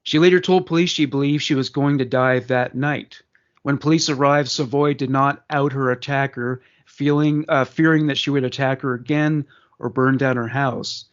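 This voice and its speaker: A man's voice: mid-range voice, steady tone, normal speed, dull audio. A man co-hosting a podcast, reading a crime news story aloud with frequent fillers and casual asides. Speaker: podcast co-host.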